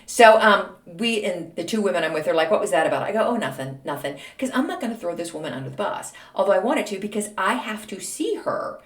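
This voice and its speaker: A woman's voice: mid-range voice, fast, hardly any pauses. Chatty sassy woman storytelling, voice jumps all over, echoey room. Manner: animated, chatty, sassy asides. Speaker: podcast host. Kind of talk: casual storytelling monologue.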